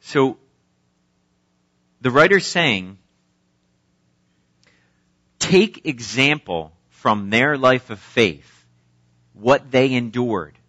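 A man delivers a sermon in a bright, forceful voice, reading scripture and then expounding on it earnestly. The recording is dull and lo-fi, and the sound is close and dry with no room echo. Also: mid-range voice, animated, drawn-out words, long pauses. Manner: earnest, emphatic preaching with occasional fillers. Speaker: preacher.

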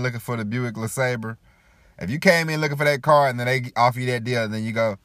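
A man's voice: mid-range voice, expressive, quick pace, a bit bright, dry recording, studio quality. A man hosting a casual motivational talk, rambling and repeating himself, acting out quoted people as he goes. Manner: rambling, repeats 'you know', acts out quoted voices. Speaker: podcast host.

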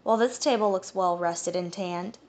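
A woman's voice: fairly low pitch, moderate pace, a little mellow, natural voice. A woman voicing a composed, disapproving young woman in an audiobook. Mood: welcoming.

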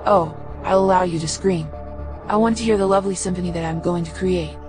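A woman reads a gloating male demon out of an audiobook horror story, low-voiced and mocking in every line. He taunts without hurry, savoring his cruelty. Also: steady tone, fairly quick, over music, natural voice. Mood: taunting.

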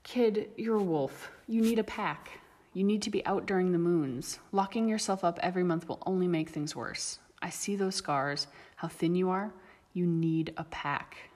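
A blunt, self-assured young werewolf woman, as a narrator plays her, low-pitched and husky. Her words land measured and plain, with a long reverb behind them. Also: darkish tone, close to an everyday voice.

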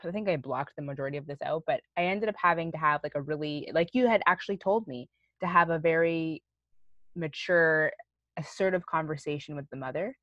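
A young woman with a fairly low voice tells a story in a casual chat, animated and given to casual swearing. The recording is dull and dry, with no room sound. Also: brisk, dry recording. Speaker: guest telling a story.

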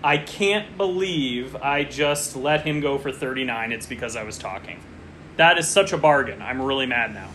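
A man's voice: mid-range voice, lively intonation, normal speed, a bit bright, a little hiss or hum. A man co-hosting a casual podcast, chatting and rambling as he follows a fantasy football draft and gets distracted mid-story. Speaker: podcast co-host.

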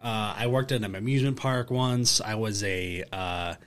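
A young man from the Rochester area, co-hosting a casual podcast and telling animated stories. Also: lowish voice, clean tone. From Rochester, New York area. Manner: animated storyteller, fast and chatty. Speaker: podcast co-host. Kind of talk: casual chat. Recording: faint background noise.

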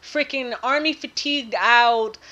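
A woman co-hosting a podcast in casual chat, animated and teasing, laughing often and swearing freely. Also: fairly high pitch, measured pace, dull audio. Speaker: podcast co-host.

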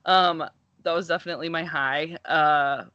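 A chatty woman telling a story in a casual conversation, filling her talk with "like". Her sound is dry and slightly dull, lo-fi as if through a modest mic. Mid-pitched voice. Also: steady tone, moderate pace, dry recording. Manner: chatty, uses "like" a lot, warm reactions. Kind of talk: casual chat.

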